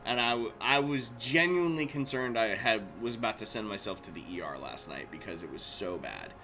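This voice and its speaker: A man's voice: fairly low pitch, lively intonation, brisk, pushed and bright, soft background music. Chatty man hosting a crafting stream. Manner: chatty, laughs often, reads chat aloud. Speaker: crafting livestream host. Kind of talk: casual livestream chat.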